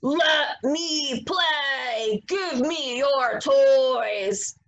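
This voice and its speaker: A woman voicing a greedy, bossy male wolf in a storybook, speaking slowly and demandingly. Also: high-pitched, a bit bright, lo-fi sound, exaggerated voice. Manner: slow, demanding, mean.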